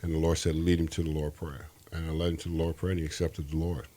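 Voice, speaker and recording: Very deep-voiced man. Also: flat delivery, fast, dark tone. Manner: rambling, earnest, often restarts sentences. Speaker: interview guest. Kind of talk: personal faith testimony.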